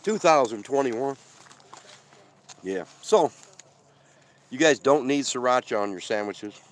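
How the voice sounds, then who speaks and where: This man talks a little slowly in an expressive, medium-pitched voice. Hosting a van-life live stream outdoors in the desert, he eats while chatting casually, rambling on and reading viewer comments.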